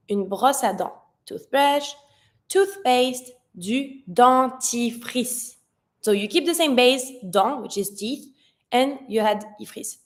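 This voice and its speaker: A woman with a French accent, a native French speaker teaching an online vocabulary lesson and pronouncing words slowly and carefully. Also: a little high. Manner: slow, careful pronunciation drills, switching between English and French.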